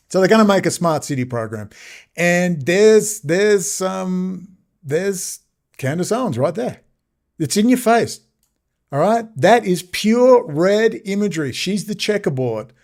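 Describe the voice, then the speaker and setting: A man's voice: high voice, big pitch swings, a little slow, a little mellow. A man ranting sarcastically in a rambling video commentary.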